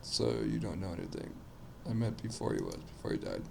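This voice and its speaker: A man's voice: low-pitched, huge pitch swings, fairly quick, vocal fry, a little hiss or hum. A man reading a video game's dialogue and narration aloud, adding crude asides along the way. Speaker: gaming video host.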